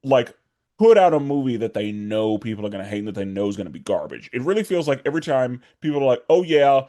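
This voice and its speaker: Man, podcast co-host, casual chat, hesitant, halting, filler-heavy. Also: mid-range voice, sing-song, mellow.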